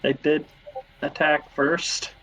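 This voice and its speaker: A man's voice: fairly high pitch, little pitch movement, slow pace, bright, forceful tone, rough recording. A man playing a tabletop game in a casual way, hesitating a lot and filling his speech with ums and uhs. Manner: hesitant, full of fillers. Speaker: player.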